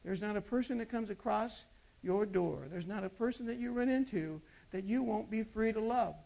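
A pastor with a gravelly, mid-range voice preaches at a moderate pace. His sermon alternates between loud, emphatic bursts and soft, intimate asides, with rhetorical questions aimed at the congregation.

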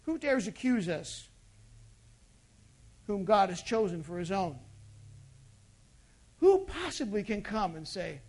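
A pastor delivering a sermon, moving from loud emphatic bursts to hushed intimate asides and asking the congregation rhetorical questions. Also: mid-range voice, very animated, slow pace, pauses often.

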